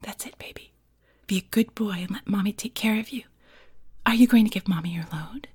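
A woman voicing a doting, motherly lover in a soft, cooing whispered role-play. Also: mid-range voice, brisk, husky, no room sound, studio quality. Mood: soothing.

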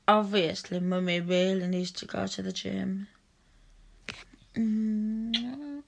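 A woman's voice: medium pitch, fairly even intonation, slow pace, vocal fry, long pauses. A woman performing an intimate audio role-play, speaking in a coaxing, teasing and doting way.

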